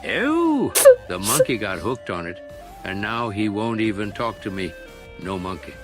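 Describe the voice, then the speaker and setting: A woman voicing a grumpy old male turtle sage in a slow, gravelly grumble over clear background music. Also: rumbling low, big pitch swings, voice pushed down, exaggerated voice. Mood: grumpy wise. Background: music clearly audible.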